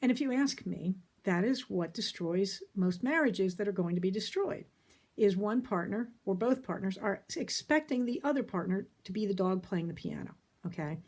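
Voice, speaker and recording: A middle-aged woman therapist giving a casual, folksy talk about relationships, emphatic and quick to laugh. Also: mid-range voice, lively intonation, darkish tone.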